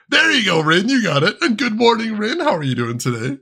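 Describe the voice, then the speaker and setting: Male game streamer, chatty, laughs often, animated pitch, bright husky voice. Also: normal speed. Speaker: gaming streamer. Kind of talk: casual gaming commentary.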